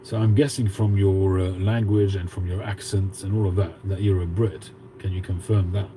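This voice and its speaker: A man's voice: sits low, fairly even intonation, normal speed, mellow, a little hiss or hum, rough recording. A man in his fifties with a Cockney accent, hosting a casual livestream and chatting with viewers as he reads out their comments. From England. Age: 50s. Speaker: livestream host.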